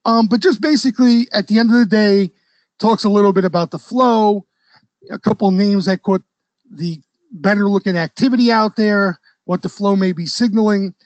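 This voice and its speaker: Host: high-pitched man, casual trading commentary, keeps asking "okay?", dry close sound. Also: normal speed, no echo, muffled recording. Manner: conversational, frequent "okay?" checks, loose trader slang. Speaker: stock trading educator and host. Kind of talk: casual market commentary to a live audience.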